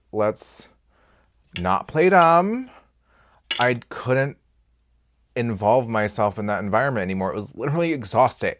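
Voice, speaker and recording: Casual beauty vlogger, male, lowish register, unfiltered and expressive, loud bursts then muttered asides. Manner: candid and expressive, swears freely, swings between loud outbursts and quiet asides. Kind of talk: casual get-ready-with-me chat.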